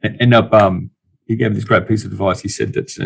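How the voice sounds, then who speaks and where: A man's voice: on the low side, fairly even intonation, fast, creaky, slightly rough. A middle-aged Australian man, an investor guest in a casual interview, talking bluntly with many restarts and dry jokes.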